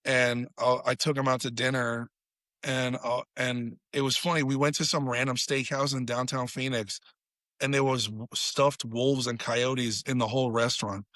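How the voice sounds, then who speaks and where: A man's voice: mid-range voice, flat delivery, normal speed, a bit bright, no echo. A man, a podcast guest, telling a story in casual chat, swearing freely and acting out quotes in a raised voice.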